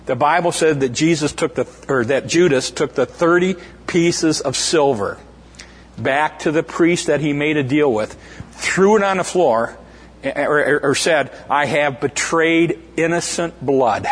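A man with a slightly raised, husky voice preaches in a hall with long reverb. He retells scripture in a loose, conversational way, stumbling over restarts and fillers and acting out the quoted voices as he goes. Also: a little high, a little slow. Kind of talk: informal sermon retelling scripture.

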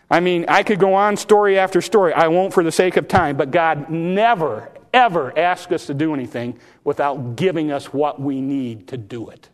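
A man preaching a sermon, folksy and impassioned, acting out Bible stories in plain talk. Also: moderate pace. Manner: impassioned, pitch rising when exhorting; acts out Bible dialogue in folksy speech.

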